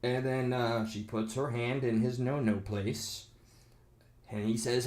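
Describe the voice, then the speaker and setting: A man's voice: medium pitch, steady tone, moderate pace, a little mellow. A man giving a casual reaction rant, rambling and sarcastic, reading online comments aloud with mocking voices. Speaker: video commentator.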